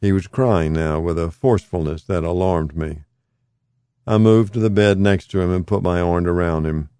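Calm low-voiced male memoir narrator. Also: smooth, no room sound, studio quality. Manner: calm, measured storytelling. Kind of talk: first-person audiobook memoir narration.

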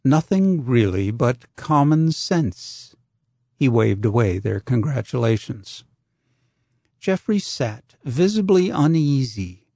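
A man narrating an audiobook in a measured, deliberate way. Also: mid-range voice, dark tone, no echo, clean studio sound.

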